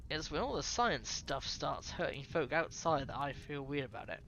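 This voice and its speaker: Wary young woman, casual and lively, read by a reader. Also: deep voice, moderate pace, creaky, muffled recording, a little hiss or hum, heavily acted.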